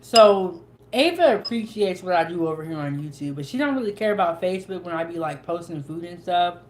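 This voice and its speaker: A woman's voice: fairly low pitch, lively intonation, fairly quick, slight background noise. A young woman, hosting a cooking channel in casual, folksy chat as she eats. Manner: chatty, folksy, with dialect grammar. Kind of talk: casual chat while eating.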